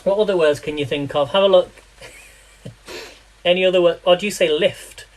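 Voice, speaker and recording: A man's voice: high-pitched, normal speed, poor audio. A man from talks loosely to a live audience while he cooks. His chat rambles, often breaks into laughs, and keeps turning into little word quizzes for the viewers. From England. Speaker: live-streaming home cook. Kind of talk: casual live cooking chat.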